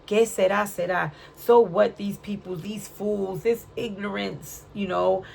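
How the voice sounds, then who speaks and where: A woman's voice: mid-range voice, steady tone, measured pace, creaky, a little mellow, slight background noise. A woman giving a casual spiritual card reading, chatty and full of slang, often checking in with "right?". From Puerto Rican, raised in Brooklyn. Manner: chatty, frequent "right?" tag questions; streetwise slang. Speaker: tarot reader.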